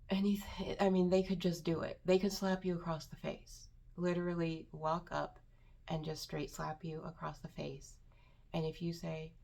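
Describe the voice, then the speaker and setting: A woman vlogger giving personal advice to the camera, earnest and emphatic, repeating words for stress and sometimes dropping to a hushed near-whisper. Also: lowish voice, flat delivery, moderate pace, creaky. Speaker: self-improvement vlogger.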